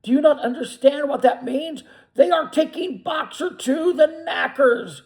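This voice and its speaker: A grumpy old donkey, cynical by nature, now panicked and yelling his warnings at the top of his voice, as a man puts him on while reading a storybook aloud. The voice is pushed well above the reader's own, loud and strained. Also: extremely high pitch, a little slow, pitched above the performer's own voice. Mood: urgent reading. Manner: shouting in alarm. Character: old cynical male donkey, suddenly frantic.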